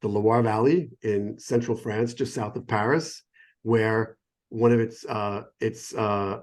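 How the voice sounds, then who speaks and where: A man's voice: on the low side, fairly even intonation, takes it slowly. Chatty digressive middle-aged sommelier man. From United States. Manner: enthusiastic, digressive, self-interrupting. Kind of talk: casual explanatory chat. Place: phone or remote call.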